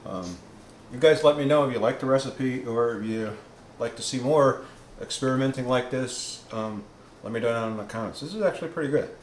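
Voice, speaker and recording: A man tasting and chatting through a home cooking vlog, his casual talk loose and rambling, full of fillers and restarts. His voice sits at an ordinary pitch. He's recorded in an echoey room with a faint background hum. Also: brisk. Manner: rambling, many ums and restarts; tasting food while talking. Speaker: keto cooking vlogger.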